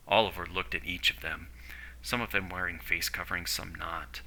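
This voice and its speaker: A man narrating a story in a steady, descriptive way. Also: deep voice, moderate pace, creaky, low-quality recording.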